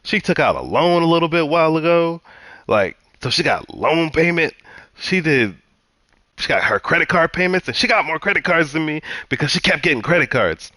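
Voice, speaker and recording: A man's voice: a little high, big pitch swings, moderate pace, pushed and bright, dry recording. A man telling a personal story in a heated, profane, repetitive way, venting casually.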